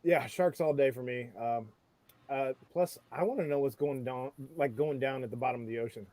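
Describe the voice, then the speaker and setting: A man's voice: mid-range voice, normal speed, warm tone, dry recording. A man hosting a casual chat, playful, throwing out bold opinions and laughing often. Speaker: host.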